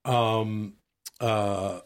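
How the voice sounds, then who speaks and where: A man from Canada, co-hosting a comedy podcast in loose, rambling banter, a bit hoarse and quick to swear. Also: lowish voice, steady tone. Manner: rambling, profane, restarts his stories. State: slightly hoarse. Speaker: podcast co-host.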